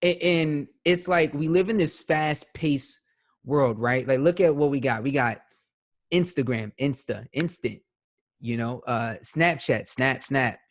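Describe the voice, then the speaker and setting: A man's voice: a little high, unhurried. A man hosting a podcast, talking in a loose, conversational way and often checking in with his guest. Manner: conversational, leans on "you know what I'm saying". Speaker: podcast host. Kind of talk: casual interview chat.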